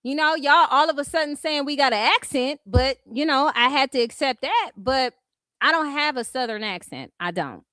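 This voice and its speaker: A high-voiced woman with a Californian accent rants at her critics, blunt and full of profanity. She laughs them off between jabs. Her voice sounds close and dry, with no room around it. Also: lively intonation, moderate pace, sharp tone, no room sound. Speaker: YouTube commentary host. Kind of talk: ranting commentary vlog.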